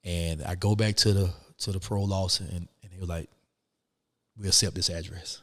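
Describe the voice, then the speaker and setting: Low-voiced man telling his story. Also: a little fast, long reverb tail. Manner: animated, acts out quoted people. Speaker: interview guest. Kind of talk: storytelling in a casual interview.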